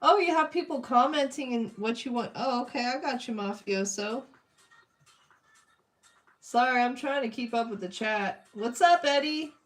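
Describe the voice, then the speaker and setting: A young woman with a high, slightly bright voice streams herself drawing requests. She chats casually with her viewers, greeting them and reading their comments.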